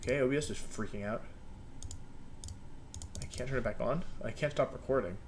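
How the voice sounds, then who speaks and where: A young gaming video creator chats casually to his viewers while recording a game video at his desk at home, rambling, talking to himself and joking at his own expense. His medium-pitched voice moves fairly quickly over slight background noise.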